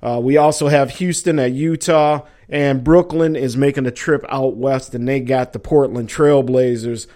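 A man's voice: medium pitch, fairly even intonation, normal speed, hardly any pauses, warm tone. A middle-aged man hosting a casual sports talk show, rambling and joking with listeners. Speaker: sports podcast host.

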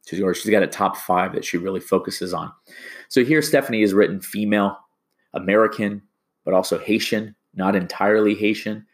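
A man with a fairly low voice teaching a class. He rambles and stumbles over restarts as he walks through the lesson. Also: a little fast. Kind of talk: classroom lecture.

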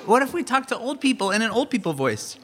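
A man doing a kids' stand-up comedy set in a rambling, halting, self-deprecating way. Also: very high voice, sing-song, over a noisy crowd, very noisy.

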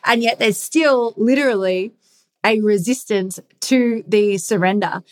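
A woman's voice: medium pitch, measured pace. A woman hosting a candid solo podcast, speaking earnestly and emphatically, repeating her key phrases and swearing casually. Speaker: podcast host.

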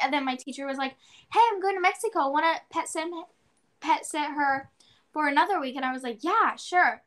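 A teenage girl chatting on a podcast with a high, bright voice. She rambles through a story with plenty of "like"s and jumps into her own past exclamations as she tells it. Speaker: podcast co-host. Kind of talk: casual chat.

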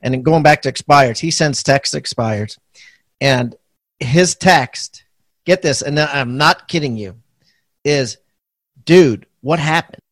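A man's voice: medium pitch, takes it slowly, a bit bright, no echo. A man hosting a podcast interview, telling anecdotes animatedly and laughing easily. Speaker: podcast host.

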